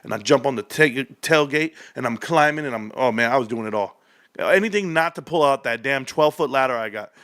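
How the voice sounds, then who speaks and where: A man in his thirties hosting a stock livestream, ranting excitedly and telling rambling stories. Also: brisk. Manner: hyped, rambling, loud swings, laughs often; lower storytelling mode.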